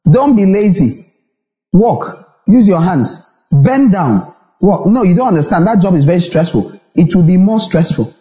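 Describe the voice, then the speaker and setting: A Nigerian man preaching a sermon as pastor, repeating phrases and acting out little dialogues. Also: high-pitched. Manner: animated preaching with repetition and acted-out dialogues. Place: church hall. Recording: echoey reverberant church hall.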